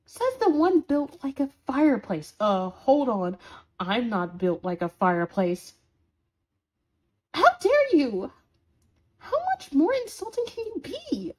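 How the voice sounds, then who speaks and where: A woman's voice: mid-range voice, expressive, measured pace, darkish tone. A woman voicing a sarcastic, scolding horned demon in an audio role-play for a listener. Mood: mocking sarcasm. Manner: sarcastic, scolding, dramatic swings.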